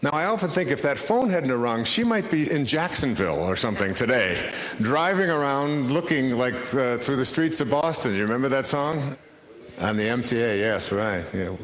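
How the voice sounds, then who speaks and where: A man's voice: mid-range voice, big pitch swings, normal speed, a bit bright. A man, a spiritual speaker and author, telling a story to an audience in a wry, conversational way, recorded in an echoey lecture hall.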